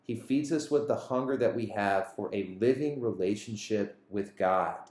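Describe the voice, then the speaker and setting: A man with a fairly low voice reads the gospel to schoolchildren and then reflects on it. His delivery is earnest and storytelling, and he slows down on the key lines. The sound has the echo of a roomy space. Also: a little mellow. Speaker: school chaplain. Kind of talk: gospel reading and reflection for students. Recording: echoey room.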